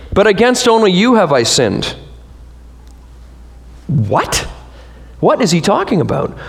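A man preaching a sermon as pastor, animated, with rhetorical questions and joking asides to the congregation. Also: high voice.

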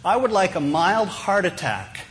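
A man's voice: sits high, sing-song, measured pace, a bit bright, heavily acted. A man voicing a clever married woman in a joke, speaking dry and matter-of-fact.

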